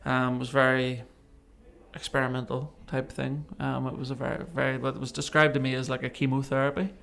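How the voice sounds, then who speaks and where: A man with a medium-pitched, creaky voice and a brisk delivery recounts a personal experience as a guest on a podcast. The interview is casual, and he animatedly re-enacts what others said.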